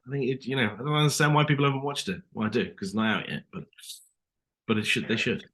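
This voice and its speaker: A man's voice: medium pitch, quick pace, fairly bright tone. A man with an English accent, a guest actor talking casually in an interview, rambling with lots of fillers. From England.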